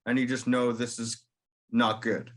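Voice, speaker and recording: A man's voice: mid-range voice, flat delivery, measured pace. A man hosting a casual podcast interview, prompting his guest with short sympathetic reactions. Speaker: podcast host.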